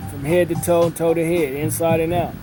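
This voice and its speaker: Man, middle-aged, drawn-out casual storytelling, fairly high voice, music behind. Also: flat delivery, poor audio. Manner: unhurried storyteller with a drawl, many fillers and repetitions. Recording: music playing in the background.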